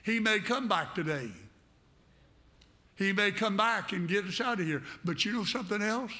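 Man, preacher, sermon, high voice, fervent, repeats phrases, addresses the congregation. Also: normal speed, bright, forceful tone.

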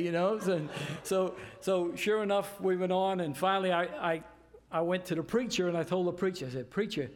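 An older man from New York tells a personal story in a casual, animated way, acting out the voices of the people in it. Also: sits high, a little fast, slight background noise. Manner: animated, repeats "I said" and acts out voices in his story. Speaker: storyteller giving a testimony.

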